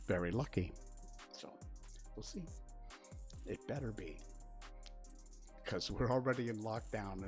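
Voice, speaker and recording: Speaking in a lowish, slightly mellow voice, an older livestream host chats casually from a streaming studio in his spare bedroom. He sits at a desk facing a webcam, rambling and offering sarcastic asides as he reads the chat.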